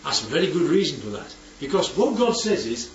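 Lively man leading Bible study. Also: on the high side, brisk, slight background noise. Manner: animated, asks for agreement often. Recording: roomy, distant, dull recording with faint background ambience.

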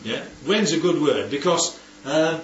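Lively man leading Bible study. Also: fairly high pitch, measured pace, slight background noise. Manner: animated, asks for agreement often. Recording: roomy, distant, dull recording with faint background ambience.

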